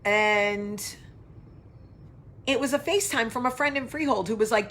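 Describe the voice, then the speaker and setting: A woman's voice: on the high side, a little slow, pauses often, fairly bright tone, a little hiss or hum. Chatty, swearing woman talk show host. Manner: chatty, tangential, swears freely; reads out and answers viewer comments. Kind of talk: casual live chat to viewers.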